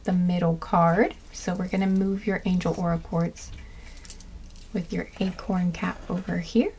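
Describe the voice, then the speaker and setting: A woman's voice: fairly low pitch, steady tone, measured pace, a little mellow, a little hiss or hum. A woman giving a casual tarot reading, rambling with lots of fillers and restarts, gushing and tender. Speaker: tarot card reader.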